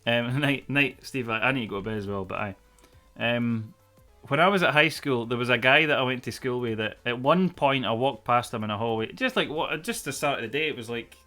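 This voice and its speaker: With a sharp tone at medium pitch, a thirtysomething man from Scotland chats casually on a live stream, telling wandering stories full of swearing. His accent is from the central belt, between Glasgow and Edinburgh.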